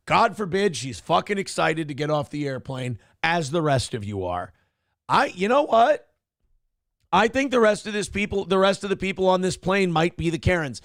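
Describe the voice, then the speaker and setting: A man's voice: a little high, no room sound, studio quality. A man hosting a morning show, ranting sarcastically and swearing heavily as he comments on a viral video.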